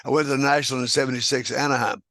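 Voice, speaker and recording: A man's voice: mid-range voice, fairly even intonation, racing, fairly bright tone, no echo. An older man, a guest telling rambling anecdotes with chuckles and restarts. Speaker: guest square dance caller. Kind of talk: casual storytelling interview.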